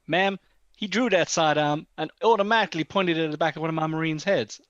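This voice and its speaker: A stoic, unflinching male marine corporal, as a man plays him, answering in calm, formal, clipped replies at a middle pitch. The sound is dry and a little muffled. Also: brisk, dry recording, natural voice.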